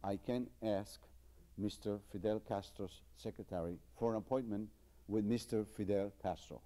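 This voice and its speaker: A man's voice: on the low side, steady tone, normal speed, warm tone, pitched below the performer's own voice, lightly acted. A man playing a boastful Cuban guy in a joke, topping another man's story.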